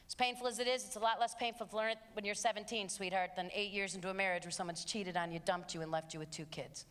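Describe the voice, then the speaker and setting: A woman giving an impassioned, emphatic motivational talk to teens, swinging between loud and hushed passages. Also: mid-range voice, steady tone, quick pace. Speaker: youth abstinence speaker. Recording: long hall reverb, faint audience.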